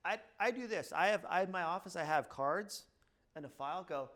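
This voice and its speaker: A man's voice: high-pitched, animated, fairly quick, fairly bright tone. A middle-aged man, a chiropractor, talking casually to a room and telling stories from his practice, acting out quoted lines and saying "blah, blah" often. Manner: storytelling with acted-out quotes, repeats "blah, blah". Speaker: chiropractor speaking at a seminar.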